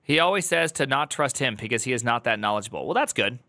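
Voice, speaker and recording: Guy streaming a reaction, bright voice, dry close mic, rambles and restarts a lot. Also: medium pitch, animated, quick pace, vocal fry, no echo. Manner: rambling, restarts, loud joking asides. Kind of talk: casual live-stream reaction chat.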